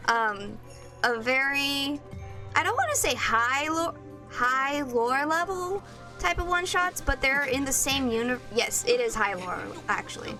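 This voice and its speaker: Slow, rambling young woman streamer. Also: high-pitched, expressive. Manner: rambling, playful, with a sing-song lilt. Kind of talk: casual chat while gaming. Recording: loud game music behind.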